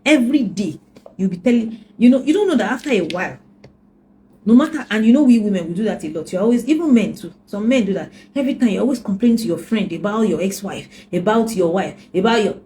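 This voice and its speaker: Earnest woman relationship coach, mellow voice. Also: medium pitch, lively intonation, quick pace, slight background noise, low-quality recording. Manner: earnest, repetitive, preacherly emphasis. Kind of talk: personal advice talk.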